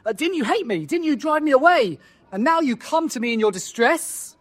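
A man's voice: very high-pitched, animated, fairly quick, pitched above the performer's own voice. A man preaching voices a bitter, sarcastic outcast warrior as he quotes him in a sermon. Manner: sarcastic, biting. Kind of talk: sermon, quoted speech acted out.

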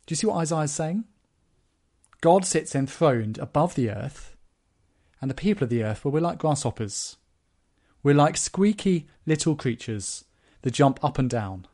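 Male preacher, fairly high voice, morning sermon, reads scripture aloud. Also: animated, moderate pace, pauses often, warm tone.

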